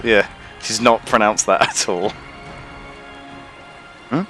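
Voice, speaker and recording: A man's voice: on the low side, steady tone, slow, music in the background. A man streaming a game in casual chat, rambling and swearing casually.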